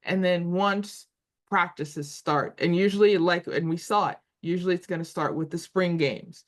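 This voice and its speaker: A woman in her forties chats about college football as a show co-host, with a slightly low voice. She thinks out loud, stumbling and repeating words as she searches for names. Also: moderate pace. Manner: thinks aloud with frequent restarts and repeated words. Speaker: podcast co-host. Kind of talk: casual sports talk.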